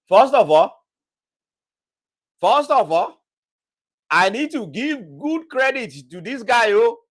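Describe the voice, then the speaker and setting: Male reaction commentator, teasing and chatty, bright high voice with a lot of movement. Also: very animated, drawn-out words, long pauses. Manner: mocking, laughs often, talks back to the clips. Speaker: commentator reacting to news clips.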